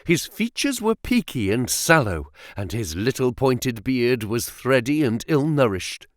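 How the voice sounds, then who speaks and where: Male audiobook narrator, lively pitch. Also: unhurried, dry recording, studio quality. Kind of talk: scripted narration of a classic detective story.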